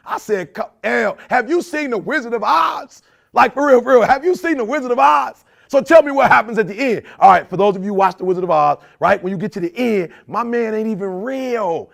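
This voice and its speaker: A man giving a fired-up motivational talk in a preachy, slang-heavy style, repeating phrases and jumping from shouts to low intense murmurs. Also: gravelly. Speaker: motivational speaker.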